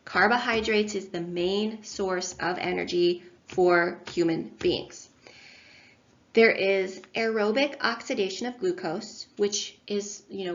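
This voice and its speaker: Chatty woman lecturing, slightly dull audio. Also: lowish voice. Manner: chatty, self-deprecating, many fillers. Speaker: instructor. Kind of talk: recorded online lecture.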